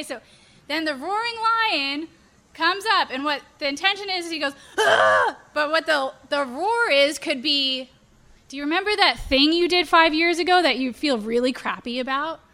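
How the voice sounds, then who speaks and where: A young woman preaching to a youth group, animated and playful, acting out examples. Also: sits high. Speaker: youth pastor.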